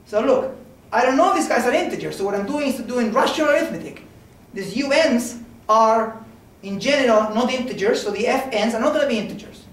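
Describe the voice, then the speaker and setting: A man's voice: extremely high pitch, expressive, fairly quick, few pauses. A man giving an informal mathematics seminar lecture, talking conversationally and often checking in with "okay?" and "right?". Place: lecture room. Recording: very echoey room from a distance.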